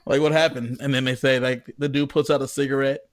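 A man's voice: medium pitch, completely flat delivery, fast talker, no echo. A man with a mid-range voice chats in an easygoing way, laughing along and giving short replies. The sound is dry and close-miked. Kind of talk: casual chat.

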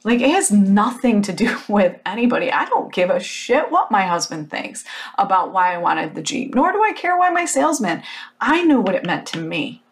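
A woman giving a casual motivational talk, telling a story in an animated, emphatic way with lots of "like" and the occasional blunt swear word. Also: medium pitch, normal speed, slight background noise.

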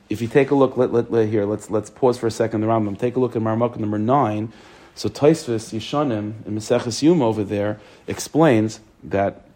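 A rabbi teaching a text class, reading each phrase aloud and then explaining it. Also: male voice, medium pitch, a little mellow. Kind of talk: text study lesson.

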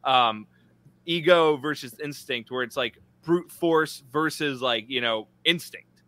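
Bright, animated man chatting on stream. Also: medium pitch, unhurried. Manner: animated, heavy use of "like", swears. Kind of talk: casual chat on a live stream.

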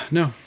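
A middle-aged man in casual conversation, telling an animated story with swearing and acted-out voices. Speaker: guest, food business owner.

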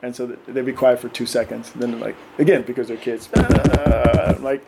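A middle-aged man telling animated stories in casual podcast chat, often acting out voices and laughing. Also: medium pitch, normal speed, vocal fry, very noisy. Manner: animated, acts out voices of his kids and himself, laughs often. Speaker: podcast guest.

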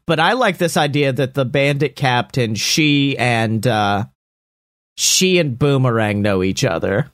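A man brainstorming a story casually, animated and profane, acting out lines as he goes. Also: mid-range voice, a little slow, no echo, studio quality.

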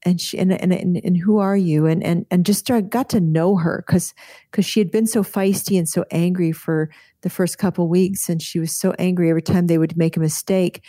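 Low, mellow-voiced woman telling a story. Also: fairly even intonation, brisk, no echo, clean studio sound. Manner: earnest, vivid, with frequent restarts. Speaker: guest physician and author. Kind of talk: storytelling in a casual interview.

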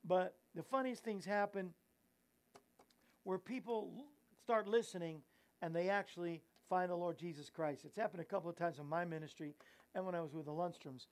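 A man who is a host and evangelist runs a casual Christian talk show, speaking in a high voice at a moderate pace. He rambles, giggles at his own slips and mocks himself, then shifts into earnest, preachy exhortation.

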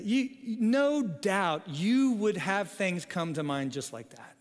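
A man's voice: sits high, expressive, a little slow. A middle-aged man, a pastor, telling a funny family story in a sermon, with frequent "okay?" asides. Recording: long hall reverb.

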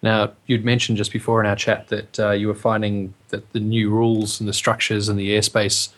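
A man hosting a casual interview, asking questions in a steady, even way. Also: on the low side, a little fast. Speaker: podcast host.

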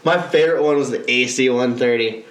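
A young man co-hosting a casual podcast, telling gaming stories in an excitable, profane way with sudden shouted outbursts. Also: mid-range voice, a little fast, reverberant, slight background noise. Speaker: podcast co-host. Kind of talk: casual chat.

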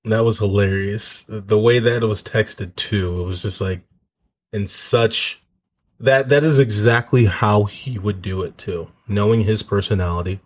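Low-voiced podcast co-host chatting. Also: male voice, measured pace. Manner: laughing, reacting, relaxed anecdotes. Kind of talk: casual chat.

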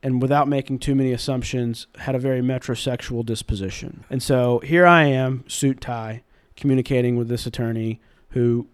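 Twenties male guest, mild Southern accent, animated storyteller, dry close sound. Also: medium pitch, smooth, no room sound. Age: 20s. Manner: animated anecdotes, brisk delivery. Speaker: guest, in-house general counsel. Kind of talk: storytelling in an interview.

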